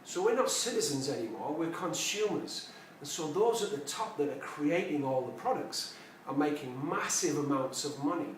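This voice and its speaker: Male motivational speaker, fairly high voice, storytelling talk, booming echo, set back from the mic. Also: expressive, moderate pace, recorded from a distance, slight background noise. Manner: storytelling, emphatic repetitions. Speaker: personal development speaker. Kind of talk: reflective spoken talk to camera.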